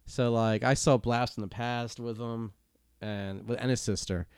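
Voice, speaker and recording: A man co-hosting a podcast in casual banter, ranting in a profane, animated way and laughing. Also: mid-range voice, unhurried, smooth, dry recording, studio quality. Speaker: podcast co-host.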